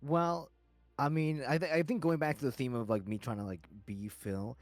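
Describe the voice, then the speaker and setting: A man's voice: medium pitch, steady tone, moderate pace, no echo, faint music behind. A young man on a stream, rambling as he explains his choices for his tabletop game character, with lots of "like" and restarts. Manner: rambling, many fillers and restarts. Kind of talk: casual group chat.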